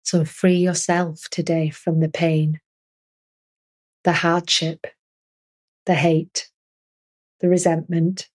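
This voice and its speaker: A woman hosting a spiritual podcast and speaking as an energy healer in a soothing, earnest monologue with gentle repetition. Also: fairly low pitch, little pitch movement, slow pace, long pauses.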